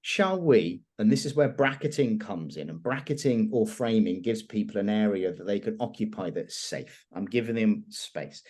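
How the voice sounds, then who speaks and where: Animated man teaching conversation skills. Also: on the low side, moderate pace, hardly any pauses. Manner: animated, expressive, laughs often. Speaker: hypnosis and influence trainer.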